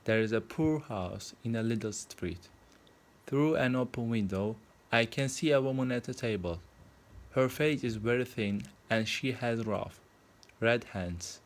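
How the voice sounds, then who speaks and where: A man's voice: medium pitch, unhurried, natural voice. A man voicing a sorrowful male statue prince in a plainly read storybook.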